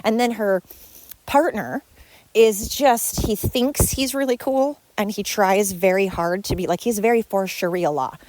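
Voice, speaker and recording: A woman's voice: unhurried, a little mellow, no echo. Woman venting on her podcast, dry sound. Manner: venting, sarcastic, mimics others in high voices. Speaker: podcast host. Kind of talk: solo podcast rant.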